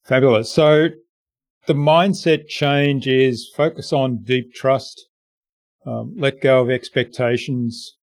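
A man's voice: mid-range voice, slow, no echo. A man hosting a podcast interview, recorded close and dry with no room sound. He sums up points and asks short follow-up questions. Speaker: podcast host. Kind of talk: interview chat.

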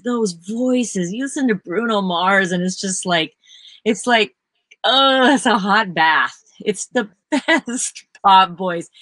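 A woman session singer chatting in an interview, telling lively stories and laughing often. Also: on the low side, no room sound. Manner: animated storyteller who acts out quotes, laughs often. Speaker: session singer and vocal workshop teacher. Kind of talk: casual interview chat.

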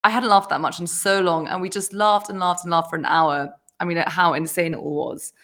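A woman hosting a podcast, telling a personal story in casual conversation, animated and often laughing as she acts out what people said. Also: on the low side, brisk. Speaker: podcast host.

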